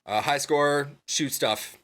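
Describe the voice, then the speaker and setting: A man co-hosting a casual podcast, animated and laughing often, with plenty of ums and uhs. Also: fairly high pitch, slow pace. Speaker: podcast co-host.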